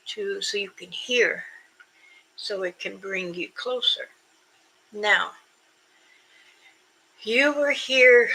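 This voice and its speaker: An older woman hosting a casual live stream, chatting slowly with viewers and imitating creature calls. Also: medium pitch, bright, forceful tone, a little hiss or hum, poor audio. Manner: slow, unhurried talk with frequent fillers. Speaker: livestream host.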